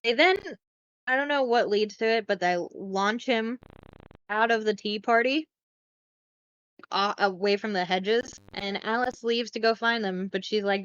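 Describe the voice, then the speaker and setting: A woman co-hosting a casual podcast, retelling a film in a chatty, profane, animated way. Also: medium pitch, measured pace, clear, resonant tone, dry recording, lo-fi sound. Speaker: podcast co-host.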